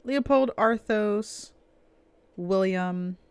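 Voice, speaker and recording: A woman narrating a tabletop role-playing game as game master, telling the scene slowly and dramatically. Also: medium pitch, a little mellow, clean tone, dry recording. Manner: slow, dramatic storytelling.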